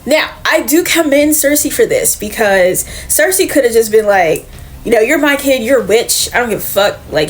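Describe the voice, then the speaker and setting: A woman casually retelling a comic book's story as a reviewer, chatty and profane, slipping into the characters' lines. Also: mid-range voice.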